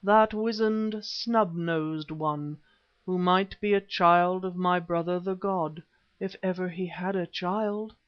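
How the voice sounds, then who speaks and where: A man reading an audiobook, voicing an ancient, half-human male wizard-priest who speaks in a slow, rumbling, threatening way. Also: steady tone. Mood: menacing. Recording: dull lo-fi recording.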